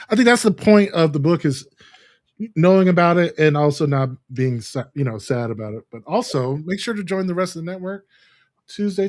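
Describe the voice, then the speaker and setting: A man's voice: medium pitch, darkish tone, no echo, clean studio sound. Easygoing man co-hosting a chat show. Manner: easygoing, laughs often, many ums and uhs. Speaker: co-host of a live talk show. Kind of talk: casual chat.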